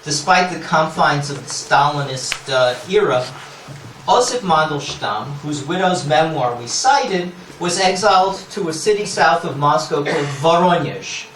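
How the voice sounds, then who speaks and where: In a lecture hall, a man speaks at a measured pace in a fairly high, slightly bright voice as he lectures academically. He explains scholarly ideas, adds asides, and keeps asking the room "yeah?" The distant mic picks up hall echo and a little background noise.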